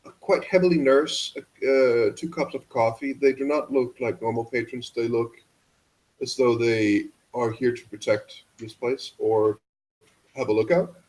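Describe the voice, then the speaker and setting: A man game master narrating a tabletop role-playing game, describing scenes with a hesitant, descriptive delivery in an even mid-range voice. He narrates what the players see. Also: mid-range voice, measured pace, poor audio.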